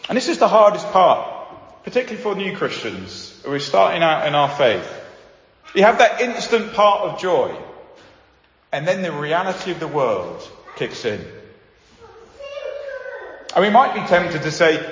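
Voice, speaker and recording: A man preaching a sermon, animated and acting out the voices of the people he quotes. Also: a little high, a little slow, long pauses. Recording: echoey hall, dull sound.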